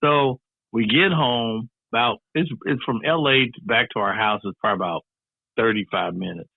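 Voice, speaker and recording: A man with a gravelly, mid-range voice and a breathy edge tells a story as an interview guest at a moderate pace. He's a lively entertainer who playfully acts out every character's voice. The sound is tinny and phone-like, with a dry line and no echo.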